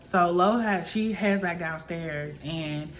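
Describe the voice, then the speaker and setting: A woman's voice: lowish voice, takes it slowly. A woman vlogger casually recapping a reality show episode in a chatty, gossipy way, full of "like" fillers.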